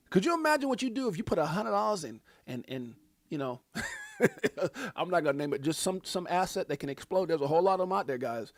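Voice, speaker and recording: A man hosting a casual livestream, hyped and preachy, shouting out viewers by name. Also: high voice, huge pitch swings, a little fast, no echo, clean studio sound. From United States. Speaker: livestream host.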